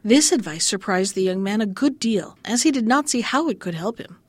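A woman's voice: animated, brisk, no echo. A woman reading an old fairy tale aloud, lifting her voice for the quoted lines. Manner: lifts pitch for quoted lines. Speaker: storyteller.

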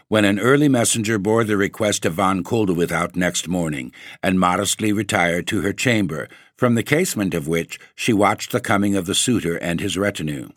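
A man narrating a classic story for a podcast, in a measured, wry storytelling manner. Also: low-pitched, a bit bright, no echo, studio quality. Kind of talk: scripted ghost-story reading.

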